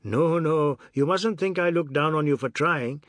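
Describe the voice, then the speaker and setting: Narrator doing a brash, melodramatic loudmouth in dialect, raised and pushy. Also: male voice, a little high, a little slow, dry recording. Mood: breezy teasing. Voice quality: breezy, bawling, melodramatic. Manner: speaks in clipped island dialect. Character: brash loud middle-aged man, boastful then maudlin.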